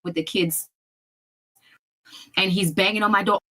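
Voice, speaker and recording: A woman's voice: medium pitch, fairly even intonation, unhurried, sharp tone, a little hiss or hum. A woman with a mid-range voice tells a family story with lots of drama. She retells it vividly and acts out other people's words as she goes. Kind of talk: personal storytelling in a video.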